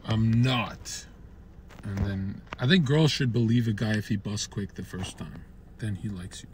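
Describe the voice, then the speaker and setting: Guy streaming from his parked car, low-ish voice, rambling crude jokes to chat, faint hum behind. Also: a little slow, darkish tone. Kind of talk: casual chat with viewers.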